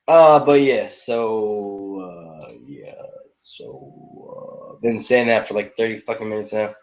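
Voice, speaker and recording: A man streaming casual chat to his viewers, excitable and profane, full of slang and jumping between topics. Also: lowish voice, slow pace, lo-fi sound. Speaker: YouTube reviewer streaming to viewers.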